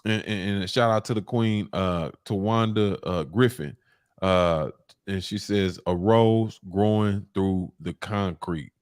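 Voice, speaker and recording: Lower-voiced male host, halting and dry. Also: clean tone, dry recording. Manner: halting, repeats words, shouts out viewers. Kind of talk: casual interview.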